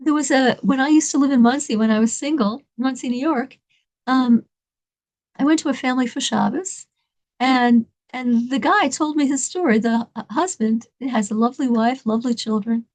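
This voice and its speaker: A woman telling an inspirational story in an animated, dramatic way, laughing between lines. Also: high voice, moderate pace.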